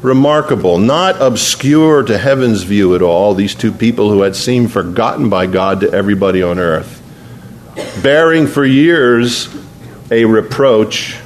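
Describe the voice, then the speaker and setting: A man's voice: lowish voice, lively intonation, unhurried. A man preaching a sermon in an earnest, conversational way, slipping into spoken prayer. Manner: earnest, conversational, prays aloud mid-sermon.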